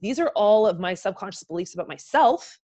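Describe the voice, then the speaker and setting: A woman's voice: medium pitch, lively intonation, fairly quick, darkish tone. A woman co-hosting a motivational podcast, speaking in a heartfelt, encouraging way. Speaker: podcast co-host. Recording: dull, muffled audio.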